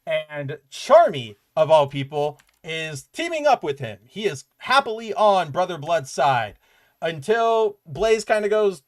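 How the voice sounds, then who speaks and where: A man's voice: a little high, big pitch swings, measured pace. A man co-hosting a podcast, chatting casually and animatedly about comic books with loose asides and fillers. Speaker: podcast co-host. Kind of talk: casual comic book review chat.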